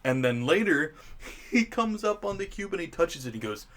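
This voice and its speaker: A man's voice: on the high side, big pitch swings, moderate pace, a bit bright, slight background noise. A man hosting his own channel, giving a casual, sarcastic film review rant and chuckling often as he mocks scenes.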